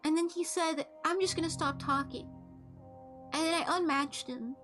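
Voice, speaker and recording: A woman's voice: sits high, a bit bright, soft background music. A young woman streamer telling a story in a casual, blunt, joking way with frequent restarts and swearing. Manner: halting restarts, laid-back.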